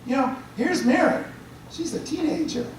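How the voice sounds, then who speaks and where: Priest lecturing in a chatty way, heard from a distance in a very echoey room with faint hiss. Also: male voice, very high-pitched, normal speed. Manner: chatty, checks in with listeners. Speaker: priest giving a talk. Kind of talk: conversational lecture.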